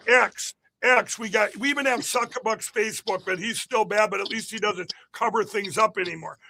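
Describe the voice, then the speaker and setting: A political candidate giving an emphatic, repetitive rally-style interview on a podcast. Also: male voice, high-pitched, gravelly, pushed and bright.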